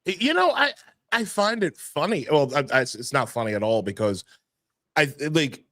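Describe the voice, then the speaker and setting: A man's voice: a little high, very animated, normal speed, a bit bright, no room sound, clean studio sound. A man hosting a podcast in a casual way, stammering and restarting his sentences often. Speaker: podcast host.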